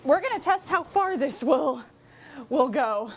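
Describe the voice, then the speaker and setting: A woman's voice: sits high, lively intonation, measured pace, a little hiss or hum, rough recording. A woman streaming live from home on a wireless mic, chatting casually and playfully, swearing now and then. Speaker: streamer and voice actress. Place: home, in a pouring tent and around the house. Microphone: wireless mic on a receiver.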